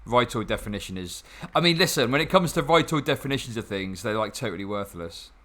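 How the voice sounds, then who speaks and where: A man's voice: mid-range voice, lively intonation, quick pace, fairly bright tone. A young man chatting casually and sarcastically while playing a game, swearing often and rambling with restarts. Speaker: gaming channel host.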